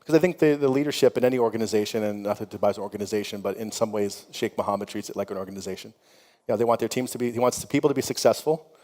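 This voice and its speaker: A man's voice: on the low side, very fast, darkish tone. A middle-aged man speaking on a conference panel, telling frank, conversational stories with plenty of "you know" and laughter. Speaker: company founder on a conference panel. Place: conference hall. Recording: long hall reverb.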